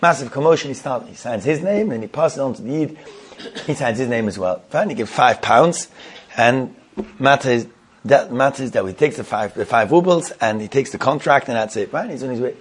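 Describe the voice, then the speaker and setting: A man's voice: mid-range voice, expressive, brisk, slightly rough. A man telling a Hasidic tale, often repeating and restarting himself and using Yiddish terms. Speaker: storyteller.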